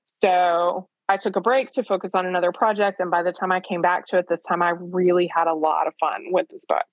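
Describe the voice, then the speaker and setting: A woman author being interviewed, speaking frankly and self-deprecatingly with quick asides. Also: lowish voice, steady tone, no room sound. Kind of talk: candid conversational storytelling.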